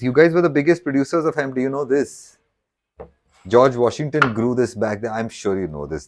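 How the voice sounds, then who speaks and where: A man talks casually to his viewers on a live stream as he chops and cooks, jumping from thought to thought. His voice sits at an ordinary middle pitch, and he trips over restarts and jokes along the way. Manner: rambling, self-interrupting, jokey. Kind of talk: casual live chat while cooking.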